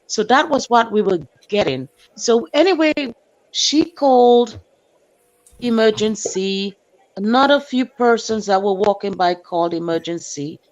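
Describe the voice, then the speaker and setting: A woman on a stream telling a story from her day with animated delivery, acting out her own shouts and sometimes hunting for words. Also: medium pitch. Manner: hunts for words, fills with "um". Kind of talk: casual storytelling. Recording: dull lo-fi stream audio.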